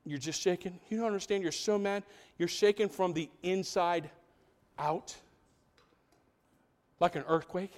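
A man preaching a sermon as pastor, animated, asking the congregation rhetorical questions and dropping into quiet asides. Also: sits high, a little slow, pauses often.

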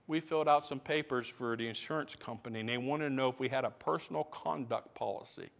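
A male pastor preaching a sermon to his congregation, building to loud repeated questions. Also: mid-range voice, quick pace, creaky. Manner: preaching with rising, shouted questions. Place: church sanctuary. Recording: long reverb of a large hall.

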